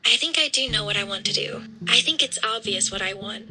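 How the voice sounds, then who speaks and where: A synthetic woman's voice giving flat, oddly literal chatbot replies. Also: mid-range voice, fairly quick, over music. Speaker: AI chatbot companion.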